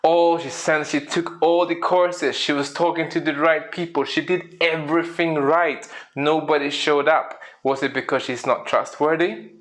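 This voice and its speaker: A man's slightly high voice moves unhurriedly with hardly any pauses through a storytelling presentation. A speaker and coach, he asks the audience questions and livelily acts out little scenes in quoted voices.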